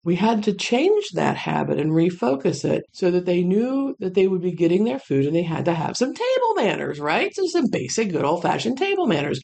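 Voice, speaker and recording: Chatty gravelly-voiced woman kennel owner. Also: lowish voice. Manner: chatty, rambling, lively asides. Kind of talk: casual storytelling monologue.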